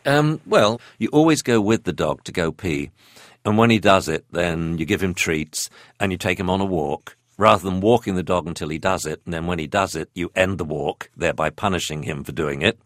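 A man from England, a veterinarian and dog trainer, talking lively and jokey in an interview. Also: deep voice, fairly quick, dry recording, clean studio sound. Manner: lively, jokey, acts out voices.

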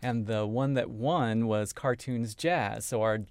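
A man's voice: mid-range voice, slow pace, a little mellow, no room sound. A man who directs a community band, talking in a casual radio interview with many fillers. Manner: friendly, many "um" fillers, informative.

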